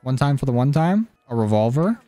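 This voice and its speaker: A man's voice: medium pitch, brisk, soft background music. Jokey young man commenting on gameplay. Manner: jokey, cursing, excitable. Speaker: gaming YouTuber. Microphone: desk mic.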